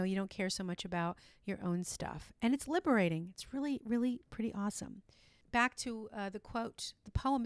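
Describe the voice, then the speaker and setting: Smooth-voiced woman podcast host. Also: mid-range voice, no room sound. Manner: earnest and encouraging, with frequent restarts and "you know". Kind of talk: motivational solo podcast talk.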